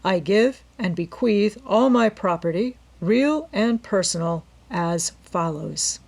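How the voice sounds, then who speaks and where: A woman voicing a calm, courteous middle-aged male lawyer with a polite, measured manner in a storybook reading. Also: medium pitch, creaky, heavily acted. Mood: formal reading.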